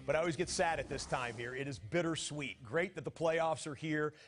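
Male sports studio host, emphatic announcer delivery, slightly high voice, live broadcast sign-off. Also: fairly quick, fairly bright tone, a little hiss or hum.

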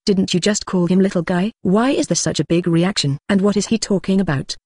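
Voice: mid-range voice, brisk, a little mellow, slightly rough, no room sound, clean studio sound, close to an everyday voice. A text-to-speech voice reading a cheerful, talkative male ninja leader in a machine-read audiobook. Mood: amused. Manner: laughing and chatty.

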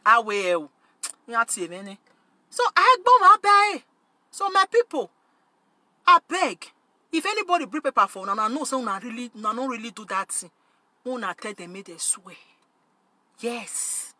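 A woman's voice: a little high, expressive, normal speed, pauses often, pushed and bright. A woman hosting her channel, talking emphatically and switching between Pidgin English and Yoruba, repeating phrases for force. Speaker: channel host. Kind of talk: animated direct-to-camera rant.

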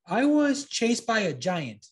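A man's voice: sits high, sing-song, slow, voice pushed up, heavily acted. A man doing a fibbing puppet boy. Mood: pleading. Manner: hesitant, with ums and uhs.

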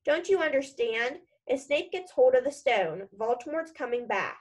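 Earnest determined boy in a storybook, lady reading, bit high. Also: expressive, moderate pace, poor audio. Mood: defiant. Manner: urgent, earnest.

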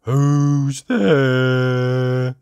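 A storybook reader voicing Mr Miserable, a gloomy little man who talks in a slow, mopey, sniffly way. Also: mid-range voice, fairly even intonation, darkish tone, smooth, no echo, dull audio. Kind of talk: storybook read-aloud.

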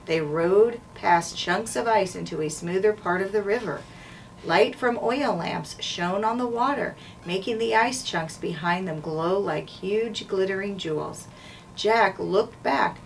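A woman school administrator reading a children's chapter book aloud in a steady, clear way. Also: mid-range voice. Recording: distant mic, faint noise.

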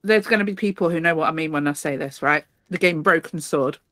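A woman's voice: sits low, fast, fairly bright tone, no echo. A woman co-hosting a podcast in casual chat, chatty and laughing often, sometimes trailing off mid-sentence. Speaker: podcast co-host.

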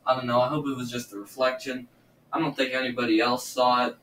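A nervous, stammering man talks through a reaction video in a casual, repetitive way. His voice is bright and sharp, sitting at a middle pitch. The sound is roomy and echoey, as if he sits a little back from a laptop mic. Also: flat delivery, fast talker, distant mic, slight background noise. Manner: nervous, stammering, repeats himself. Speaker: gaming YouTuber reacting to videos. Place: room at home. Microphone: laptop or earbuds mic.

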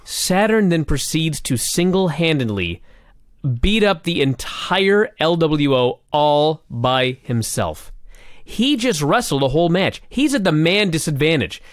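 Animated, swearing man in a dry room. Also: a little high, measured pace, no echo. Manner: animated, swearing, laughs a lot. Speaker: podcast co-host. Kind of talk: casual chat recapping wrestling.

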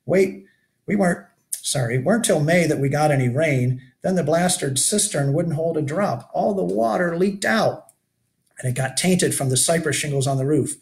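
A man's voice: fairly high pitch, lively intonation, moderate pace, vocal fry, voice pushed up. A man reading aloud and voicing a weary, rugged older male keeper of a shipwreck shelter who talks in a folksy, lamenting way. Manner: folksy backwoods grammar, lamenting.

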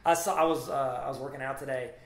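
A man's voice: medium pitch, fairly even intonation, quick pace. Jokey man chatting sports in echoey room. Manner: jokey, rambling, playful asides. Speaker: podcast co-host. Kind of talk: casual sports chat. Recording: roomy echo.

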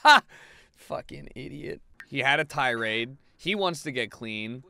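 A young man giving casual, profane commentary over a life-sim game, often yelling at what happens on screen. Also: medium pitch, a little slow, creaky, no room sound, studio quality. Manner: profane, excitable, yells at the game. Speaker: gaming YouTuber.

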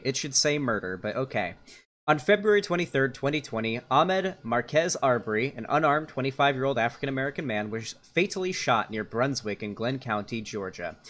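A man's voice: medium pitch, fairly bright tone. A young adult man streaming live, giving casual, rambling reaction commentary full of fillers and restarts.

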